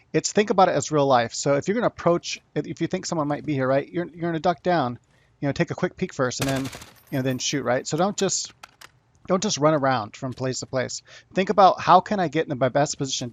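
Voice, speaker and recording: A man's voice: on the high side, creaky, dry recording. A man giving a casual gameplay tutorial, rambling with frequent restarts and "you know" as he explains tactics. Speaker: gaming tutorial creator.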